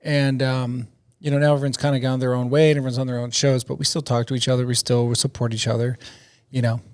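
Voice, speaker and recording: A man's voice: medium pitch, level tone, fast, a little mellow. A middle-aged man, a comedian guest telling rambling, profane stories in a casual interview, laughing often.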